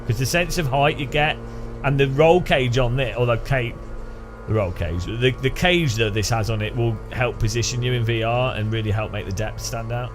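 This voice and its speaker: A man's voice: medium pitch, normal speed, music in the background. A man giving rambling, jokey gameplay commentary, thinking aloud. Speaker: gaming channel host.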